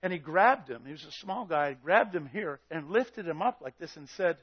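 A man preaches with fiery intensity, his voice sitting high for a man. He shouts his points and acts out the story's characters as he goes. The recording sounds dull and slightly lo-fi. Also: expressive, moderate pace, hardly any pauses, slightly rough. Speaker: pastor. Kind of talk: sermon.

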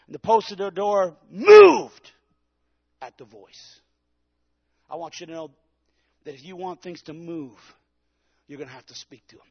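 Gravelly high-voiced man preaching loudly. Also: very animated, measured pace, pauses often, lo-fi sound. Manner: preaches with rising shouts and call-and-response. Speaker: pastor. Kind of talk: Pentecostal sermon.

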